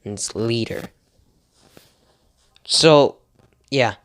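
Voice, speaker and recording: A man's voice: medium pitch, very slow, fairly bright tone, no room sound, studio quality. A young man improvising a fan story video, rambling with restarts and laughing at himself.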